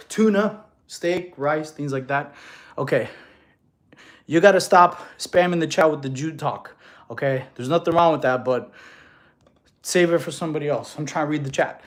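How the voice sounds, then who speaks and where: A man's voice: a little high, moderate pace, pauses often. A man coaching fitness on a casual livestream, laughing often and answering chat questions, filmed on a tripod camera.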